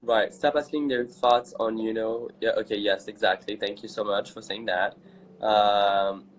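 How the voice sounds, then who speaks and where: A man's voice: on the low side, fairly even intonation, measured pace, slight background noise, rough recording. A young man from France with a French accent, hosting a casual live chat as a drag performer, campy and chatty, reading comments aloud.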